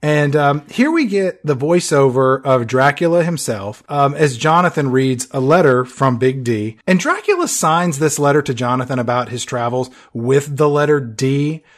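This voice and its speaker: A man with a mid-range voice recaps a film plot in relaxed podcast talk. He is chatty and throws in joking asides as he goes. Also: medium pitch, moderate pace, hardly any pauses. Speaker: podcast co-host. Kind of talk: casual movie recap chat.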